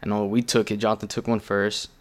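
A man's voice: fairly low pitch, level tone, fast talker. A man co-hosting a casual podcast, chatting with his friends in an easygoing, profane way. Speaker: podcast co-host. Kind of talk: casual chat.

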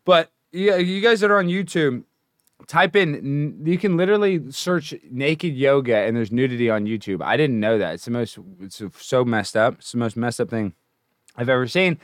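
A brash, boastful man hosts a comedic livestream, swinging from loud bragging to low mumbles. His voice sits in an ordinary middle pitch. It is recorded close and dry, with no room sound. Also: expressive, normal speed, no echo. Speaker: livestream host.

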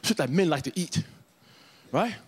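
A man performing a stand-up comedy set, telling stories loudly with profanity and bursts of shouting. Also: fairly high pitch, normal speed. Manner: loud, profane, animated storytelling with shouts. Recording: live club with audience laughter and noise.

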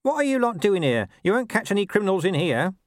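A man's voice: high voice, sing-song, fast, dry recording, studio quality, pitched above the performer's own voice. A man voicing a bossy, grumbling male city watchman who talks in a brash, raised, pushy way.

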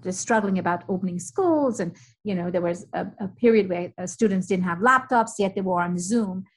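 A woman's voice: mid-range voice, brisk, low-quality recording. A middle-aged woman, a family friend, talking emphatically in casual conversation and repeating her points for weight.

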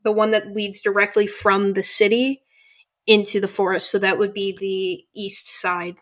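Game master: woman, casual tabletop narration, loose and chatty, mid pitch. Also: little pitch movement, normal speed.

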